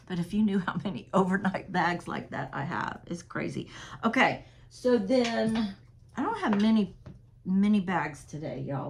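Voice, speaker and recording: Casual woman, mid pitch, friendly chatter, laughs easily, sells purses on camera. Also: fairly bright tone. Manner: chatty, laughs often, talks straight to viewers. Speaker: resale seller. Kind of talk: casual sales haul vlog.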